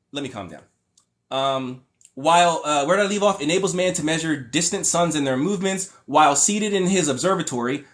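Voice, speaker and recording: High-voiced exasperated man ranting on a livestream. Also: fairly bright tone. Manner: exasperated, sarcastic, swears. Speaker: livestream host. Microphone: phone or webcam mic.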